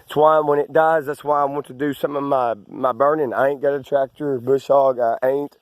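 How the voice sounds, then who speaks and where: A man's voice: mid-range voice, fairly even intonation, normal speed, no echo. A man from Arkansas, filming himself as he walks his rural land, rambling through asides and restarts. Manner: meandering, with many restarts and asides. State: out of breath. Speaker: landowner vlogger. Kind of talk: rambling outdoor walk-and-talk.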